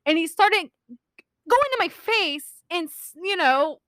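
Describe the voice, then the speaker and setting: Giggly high bright-voiced woman. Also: lively intonation, takes it slowly, no room sound. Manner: rambling and giggly, laughs often mid-sentence. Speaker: podcast co-host. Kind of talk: casual storytelling chat.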